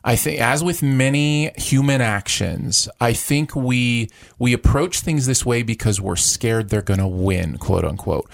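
A man's voice: medium pitch, vocal fry. A man co-hosting a podcast, talking casually and pressing his points emphatically. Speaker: podcast co-host. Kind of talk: casual conversation.

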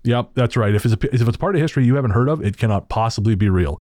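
A man's voice: medium pitch, lively intonation, rapid-fire, noisy background. A man hosting a podcast, chatting casually with sarcastic, profane jokes and frequent laughter. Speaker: podcast host.

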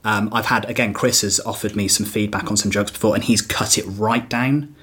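A man's voice: fairly low pitch, fairly even intonation, fairly quick, a bit bright, breathy edge. A male stand-up comedian in casual podcast chat, talking reflectively with fillers and restarts.

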